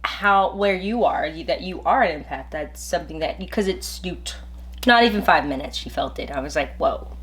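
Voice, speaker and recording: A woman's voice: on the low side, expressive, fairly quick, a bit bright. A woman co-hosting a casual talk show, playful and laughing as she acts out quoted lines in her stories. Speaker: podcast co-host. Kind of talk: casual chat.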